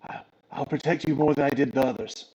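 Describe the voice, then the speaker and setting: A man's voice: medium pitch, fairly even intonation, fast talker, a little mellow, slightly rough, close to an everyday voice, poor audio. Man voicing a boastful talking shield. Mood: eager. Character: talking shield, bold male battle-hungry.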